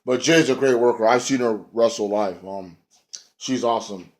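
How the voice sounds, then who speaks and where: A man's voice: medium pitch, normal speed. Rambling, profane man recapping wrestling. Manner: rambling and profane, acts out quotes. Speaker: wrestling show reviewer. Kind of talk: casual recap rant.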